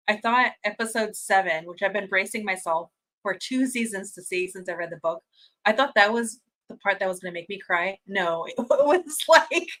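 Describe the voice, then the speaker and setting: A woman hosting a fan watch-party stream, chatting casually and reading out viewer comments, gushing and excitable, laughing often and restarting her sentences. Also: mid-range voice, rough recording.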